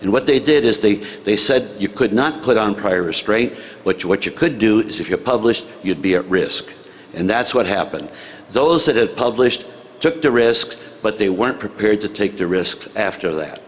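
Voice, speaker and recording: Older American man telling an animated story. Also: fairly low pitch, moderate pace. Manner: animated, acts out dialogue, chuckles at own story. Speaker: former senator telling a story. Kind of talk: anecdotal storytelling to an audience.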